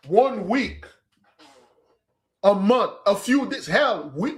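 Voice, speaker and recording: Very animated yet slow, with long pauses, a high-voiced man gives a spiritual teaching on a fasting day. He preaches emphatically, addresses his audience as "beloved," and slips into street slang.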